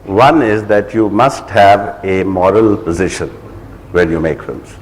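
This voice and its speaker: Thoughtful filmmaker on a panel. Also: male voice, on the low side, steady tone, unhurried, a little hiss or hum, rough recording. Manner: thoughtful, hesitant, with fillers. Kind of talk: panel discussion. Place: festival hall.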